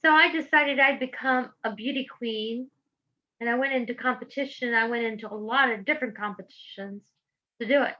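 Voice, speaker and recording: A woman's voice: fairly high pitch, brisk, highs cut off. A middle-aged woman from Georgia with a Southern accent, giving impassioned public testimony in a fervent, preacherly way. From Georgia, USA. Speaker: public speaker.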